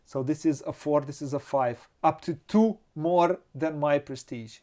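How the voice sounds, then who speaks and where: Host of a tabletop playthrough: a man with a Romanian accent who speaks at a very unhurried pace and mutters his moves aloud. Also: fairly high pitch, warm tone. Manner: slow, hesitant, muttering to himself, laughs often. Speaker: board game channel host. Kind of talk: thinking aloud during a board game playthrough.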